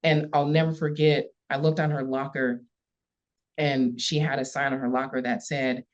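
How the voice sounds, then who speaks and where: A woman's voice: extremely low pitch, flat delivery, normal speed. Earnest woman police chief, muffled audio. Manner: earnest, repetitive emphasis, gets emotional. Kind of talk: podcast interview storytelling. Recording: slightly dull lo-fi audio.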